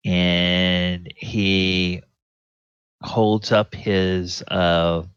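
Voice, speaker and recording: A man narrating a tabletop game as dungeon master, unhurried and halting with fillers. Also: deep voice, flat delivery, a bit bright, clean tone, dry recording, dull audio.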